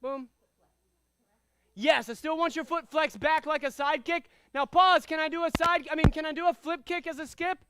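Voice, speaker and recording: High-voiced energetic karate instructor man. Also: normal speed, noisy background. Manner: energetic, commanding, calls out drills and counts. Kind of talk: martial arts class instruction.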